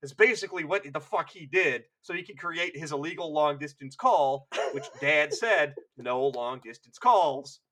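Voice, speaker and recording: A man's voice: fairly high pitch, moderate pace, hardly any pauses, bright, forceful tone, a little hiss or hum. A man co-hosting a podcast, retelling lore in rambling, filler-heavy, profane casual chat. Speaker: podcast co-host.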